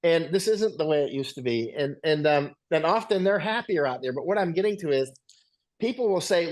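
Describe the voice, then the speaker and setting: A man's voice: fairly high pitch, lively intonation, brisk, a little mellow. A man, a guest on an interview show, telling stories in a rambling, conversational way and often checking in with "right?". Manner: rambling anecdotal, tag questions.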